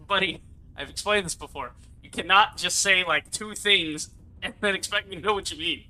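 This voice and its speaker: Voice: mid-range voice, normal speed, sharp tone, poor audio. A gaming streamer giving casual live commentary, rambling, swearing freely and laughing often.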